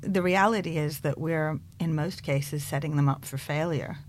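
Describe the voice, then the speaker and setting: A woman's voice: sits low, moderate pace, slight background noise. A woman in her thirties, a clinical psychologist, explaining her views animatedly in a radio interview. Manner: animated, acts out quotes in bright voices.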